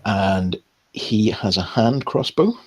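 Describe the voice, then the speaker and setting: A young man runs a tabletop game as game master, feeling his way through each scene with plenty of ums and pauses. His voice sits low and a little husky, and he talks very slowly. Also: lively intonation, a little mellow. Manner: hesitant, many ums and restarts while describing scenes.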